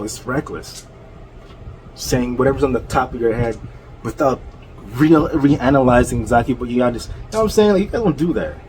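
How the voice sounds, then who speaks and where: A man delivers a confrontational rant with a mocking edge, chuckling between his points and weighing each word slowly. His pitch sits in an ordinary middle range. A faint background hiss runs under the recording. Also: a little mellow, rough recording. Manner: mocking, laughs often, slow deliberate delivery. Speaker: channel host.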